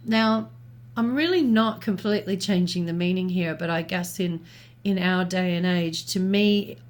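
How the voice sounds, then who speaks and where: A woman co-hosting a talk show, reasoning aloud in a thoughtful, measured way with small restarts. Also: on the low side. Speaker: podcast co-host. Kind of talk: reflective conversational commentary.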